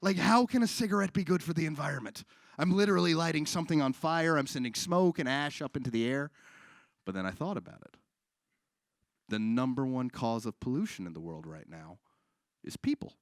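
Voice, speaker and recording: A man performing a stand-up comedy set on a live stage, with deadpan delivery, crowd work and acted-out dialogue. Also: on the high side, a little fast, no echo, clean studio sound.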